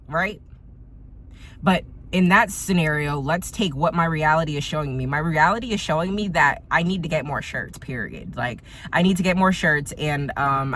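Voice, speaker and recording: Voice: mid-range voice, moderate pace, a bit bright. A tarot reader delivers a casual spiritual reading, talking straight to the viewer with emphatic, repetitive phrasing. The voice sits in a middling register, and a faint hiss runs under it indoors.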